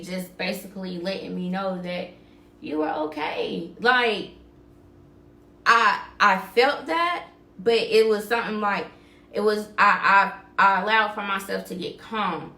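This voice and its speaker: A woman's voice: medium pitch, unhurried, bright, forceful tone, roomy sound. A woman hosting a podcast, telling a story in casual talk and acting out what people said. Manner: vivid retelling, acting out quoted dialogue. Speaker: podcast host.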